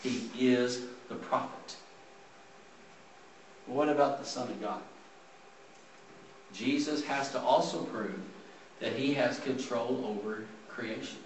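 A man gives a conversational sermon, reading scripture aloud and explaining it. His mid-pitched voice comes from a distance and rings around a roomy church hall. Faint room noise sits underneath. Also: slow, long pauses. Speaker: preacher. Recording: roomy sound from a distant mic.

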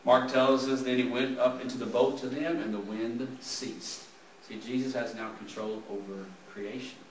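A man gives a conversational sermon, reading scripture aloud and explaining it. His mid-pitched voice comes from a distance and rings around a roomy church hall. Faint room noise sits underneath. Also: fairly even intonation, normal speed. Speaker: preacher. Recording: roomy sound from a distant mic.

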